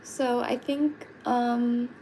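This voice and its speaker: A woman's voice: on the high side, level tone, drawn-out words, mellow, slight background noise, low-quality recording. A woman chatting casually on a live stream while painting her nails, giggly and full of fillers. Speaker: livestreaming vlogger.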